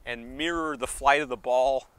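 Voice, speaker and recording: This instructional tennis demonstration features a male coach outdoors, counting beats aloud as he shows strokes and urging the viewer on while slightly winded. He speaks at a moderate pace in a medium-pitched, fairly bright, clean voice.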